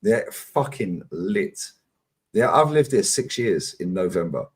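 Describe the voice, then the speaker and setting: A man in casual stream chat, animated and quick to laugh, swearing freely as he talks. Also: on the low side, husky.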